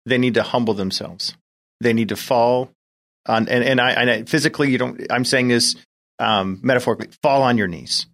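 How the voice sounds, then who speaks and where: A man, a coach and guest, answering in a plain-spoken way with halting restarts. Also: medium pitch, fairly bright tone. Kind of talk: casual interview answers.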